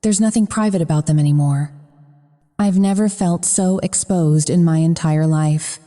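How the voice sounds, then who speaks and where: A woman's voice: low voice, normal speed, mellow. A woman narrating a first-person romance audiobook in a frank, profane manner. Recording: long reverb.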